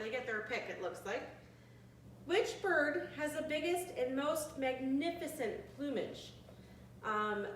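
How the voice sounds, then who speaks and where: A woman's voice: a little high, a little hiss or hum. Chatty woman hosting a quiz, echoey room. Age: 40s. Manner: friendly, chatty, reads questions slowly. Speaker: activity leader. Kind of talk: bird trivia quiz for seniors. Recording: echoey room, from a distant mic.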